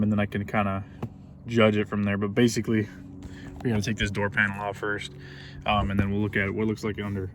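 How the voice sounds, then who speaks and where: Man, casual car vlog host, rambling and chatty, somewhat distant from the mic, faint background noise. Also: fairly low pitch. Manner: loose and chatty, many ums and restarts. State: out of breath from working. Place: in a garage working on a car.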